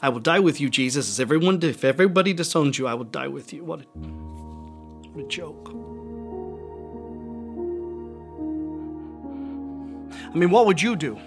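A remorseful, impulsive fisherman disciple, played by a man in a staged church monologue, with a fairly high voice. He speaks haltingly and confessionally, then swells into shouts. Clear music plays under him throughout. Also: lively intonation. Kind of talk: dramatic monologue over music.

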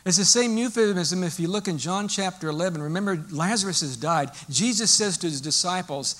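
A male pastor preaching a sermon in a lively, storytelling way, explaining as he goes. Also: high-pitched, brisk, few pauses.

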